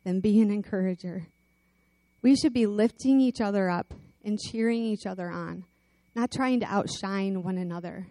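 In this echo-free clip, a woman with a medium-pitched voice preaches at a moderate pace. She tells stories animatedly and rallies her audience before finishing in prayer.

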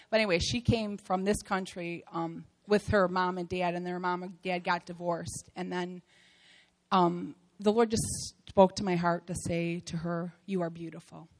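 A woman shares a church testimony about a mission trip, her voice sitting a little low with a gravelly fry. She talks in a heartfelt, rambling way, full of fillers and restarts. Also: rough recording.

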